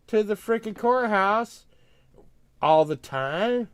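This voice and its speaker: Older podcast host, loose rambling talker who works himself up into loud rants. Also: male voice, high voice, lively intonation, slow pace, smooth, no echo. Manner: rambling, grumbling, gets loud and worked up when ranting. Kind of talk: casual chat.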